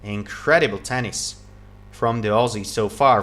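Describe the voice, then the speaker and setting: A man giving live play-by-play tennis commentary, calling each shot quickly and getting excited at big points. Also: mid-range voice. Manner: excited, calls shots rapidly, repeats praise.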